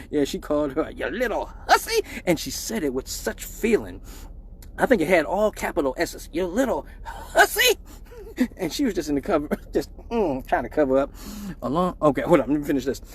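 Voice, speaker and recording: A man's voice: a little high, darkish tone, husky. A man telling a raunchy comic story on a live stream, profane and laughing often.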